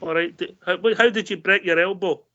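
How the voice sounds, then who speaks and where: A man's voice: high-pitched, sharp tone. A man with a Scottish accent hosting a fan radio show, friendly and teasing as he brings in callers. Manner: friendly, teasing, quick to laugh. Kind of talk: casual football chat. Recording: dull lo-fi sound.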